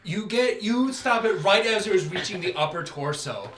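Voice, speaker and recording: A man narrating as game master of a tabletop game, describing scenes in an animated way. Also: sits high, normal speed, a little hiss or hum. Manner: animated, laughing through scenes. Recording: echoey room with music.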